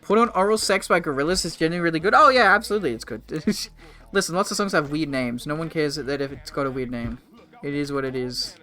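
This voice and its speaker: Young male streamer, bright profane chatter. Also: a little high, fast. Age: 20s. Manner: rambling, profane, joking with chat. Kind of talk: casual live gameplay commentary.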